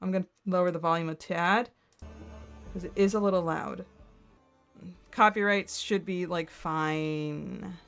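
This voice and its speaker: A young adult woman streaming from her computer, chatting casually and excitedly, rambling with lots of fillers and frequent giggles. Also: lowish voice, unhurried, pauses often, faint music behind. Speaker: streamer reacting to content. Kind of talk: casual chat while screen-sharing.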